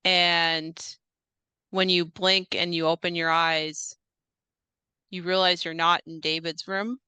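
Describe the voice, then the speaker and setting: A young woman narrates a tabletop horror game as game master, taking her time and pausing on fillers. Her voice is bright and crisp. The sound is dry and close. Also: on the low side, flat delivery, no room sound. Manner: slow, measured narration with hesitant fillers.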